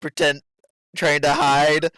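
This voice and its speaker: Very deep, bright-toned woman game master. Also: level tone, clear, resonant tone, no room sound. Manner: giggly, describes scenes in halting restarts. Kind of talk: narrating a tabletop game.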